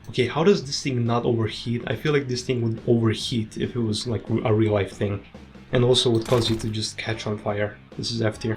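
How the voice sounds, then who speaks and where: A man rattles through video game weapons in casual commentary, dry and offhand with quick verdicts. His voice sits at an ordinary middle pitch. Faint music plays quietly beneath him. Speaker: gaming video creator. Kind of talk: casual tier-list commentary.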